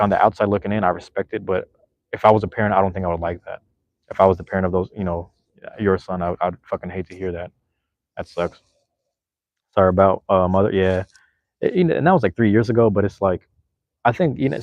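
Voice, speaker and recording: A man's voice: low-pitched, darkish tone, no echo, lo-fi sound. A man in his thirties, a podcast host, rambling and swearing casually while reading chat, with many restarts.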